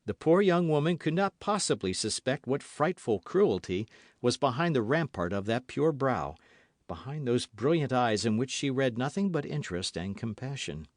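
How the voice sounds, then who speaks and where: Male audiobook narrator, mid pitch, animated intonation, dry studio sound. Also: normal speed, dry recording.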